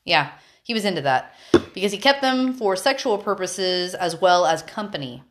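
A woman's voice: medium pitch, expressive, normal speed, a bit bright. A woman hosting a podcast, a little tipsy from wine, chatting casually in a loose, giggly, swearing way. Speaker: podcast host. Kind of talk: casual chat.

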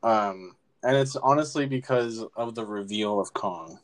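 A young man co-hosting a movie podcast, retelling scenes in a rambling, profane, animated way. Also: fairly low pitch, a little slow. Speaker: podcast co-host. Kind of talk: casual movie-review chat.

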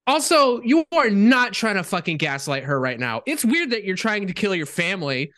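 Blunt, incredulous guest, somewhat high voice. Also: male voice, big pitch swings, normal speed, fairly bright tone. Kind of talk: casual movie review chat.

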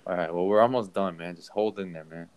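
A man's voice: low voice, fast talker, a little mellow, clean tone, dry recording. A young man in casual chat, swearing freely and acting out quoted lines as he tells stories. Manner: profane, storytelling, acts out quotes.

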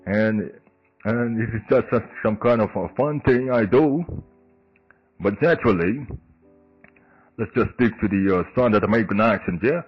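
A man hosting a casual solo podcast in English, halting, with many fillers and restarts. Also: on the low side, slightly rough, muffled recording, faint music behind. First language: Indonesian. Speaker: podcast host.

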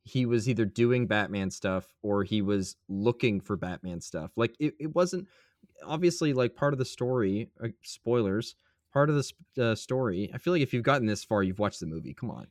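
A man's voice: lowish voice, animated, normal speed, a little mellow, no room sound, studio quality. Jokey male podcast co-host. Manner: jokey, enthusiastic. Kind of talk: casual chat.

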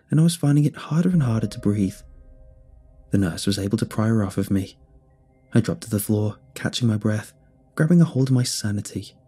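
A man giving steady, measured first-person narration of a scripted horror story. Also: fairly low pitch, slightly rough.

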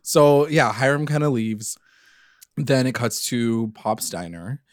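A man's voice: mid-range voice, slow, dry recording, clean studio sound. A young man casually recapping a TV episode on a podcast, rambling with lots of fillers and the odd swear word. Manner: rambling, filler-heavy, animated retelling with swearing. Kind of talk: casual chat.

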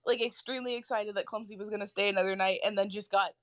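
A young woman, a podcast co-host, telling a story in casual chat, jumping up high when quoting friends. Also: quick pace, no room sound, clean studio sound. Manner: animated, quoting others in high squeals.

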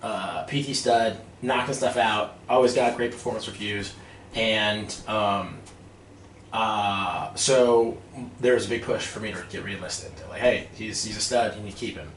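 A man in his thirties telling a lively story about his army days, acting out quotes and laughing often. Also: fairly low pitch, measured pace. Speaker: guest, army veteran turned real estate investor. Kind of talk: casual storytelling interview. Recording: roomy, distant mic with faint noise.

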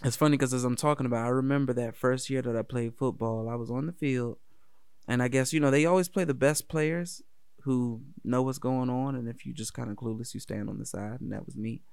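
Gravelly laid-back man from D.C. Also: medium pitch, steady tone, a little fast, darkish tone, no room sound, clean studio sound. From Washington, D.C. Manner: laid-back, profane, laughs often. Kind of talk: casual personal storytelling.

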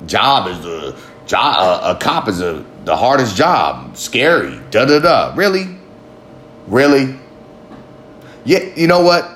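A man's voice: fairly low pitch, big pitch swings, unhurried, a bit bright, slight background noise. A man hosting a podcast, talking in a rambling, profane, emphatic monologue. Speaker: podcast host. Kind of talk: casual monologue.

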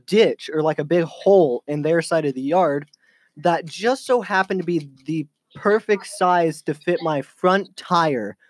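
A man's voice: fairly high pitch, dry recording. Rambling young man telling a story. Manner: rambling storyteller with many fillers and restarts. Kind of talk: casual chat among friends.

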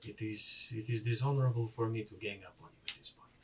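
A man's voice: fairly low pitch, fairly even intonation, quick pace. A man playing a tabletop game in character, formal and earnest. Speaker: player. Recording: distant mic.

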